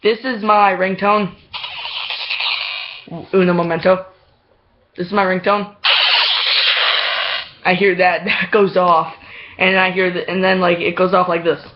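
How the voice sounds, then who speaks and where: A man's voice: sits high, level tone, unhurried, long pauses. A man telling a story in a casual vlog, rambling with many fillers and restarts and laughing often. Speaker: vlogger. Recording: dull lo-fi home video audio.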